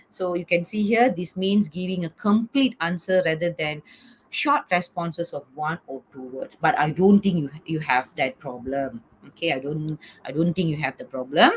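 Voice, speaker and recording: A woman's voice: lowish voice, slight background noise. A middle-aged woman teaching an online class over a video call, coaxing students and checking in with "okay?" after nearly every point. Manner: repeats "okay?" often, coaxing. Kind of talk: online lecture.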